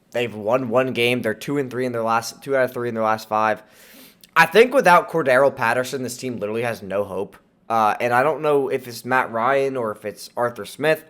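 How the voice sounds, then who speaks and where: A man's voice: medium pitch, a bit bright. A young man hosting casual sports commentary, opinionated and rambling, with a sore throat that makes him sound nasal and slightly lisping. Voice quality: slight lisp. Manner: opinionated, rambling with fillers and restarts. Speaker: sports podcast host.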